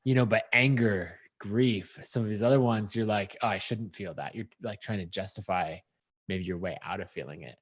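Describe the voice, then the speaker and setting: Husky low-voiced man, reflective. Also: moderate pace, dry recording, studio quality. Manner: reflective, thinks aloud with fillers. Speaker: podcast co-host. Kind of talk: casual conversation.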